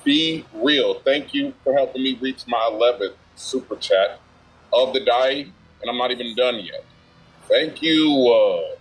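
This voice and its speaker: A man's voice: mid-range voice, animated, a little slow, breathy edge, low-quality recording. A man streaming live, chatting casually and thanking viewers by name for donations in loose slang. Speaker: streamer reacting to a video.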